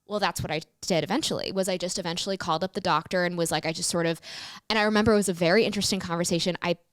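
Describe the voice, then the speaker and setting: A woman's voice: lowish voice, fairly even intonation, rapid-fire, dry recording, clean studio sound. A woman in her thirties, a comedian guest in an interview, telling her story animatedly and acting out phone calls in quoted voices.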